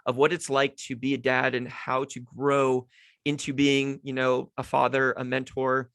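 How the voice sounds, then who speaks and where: A man's voice: mid-range voice, completely flat delivery, unhurried, a bit bright, clean tone, no echo. A young man hosting his own podcast, telling a childhood story in a rambling, self-deprecating way with lots of restarts. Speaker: podcast host. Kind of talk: casual storytelling monologue. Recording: dry home setup.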